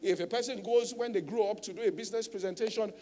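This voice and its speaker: Male pastor with a high voice, preaching with emphasis and frequent tag questions, in a reverberant hall. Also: fast, warm tone. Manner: emphatic teaching, tag questions like "all right?". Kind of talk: sermon.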